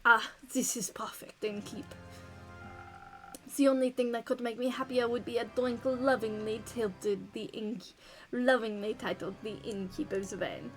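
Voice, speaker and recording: A woman's voice: on the high side, fairly even intonation, unhurried, soft background music. A woman voicing a polite, haughty male vampire with a put-on French accent and grand, formal diction.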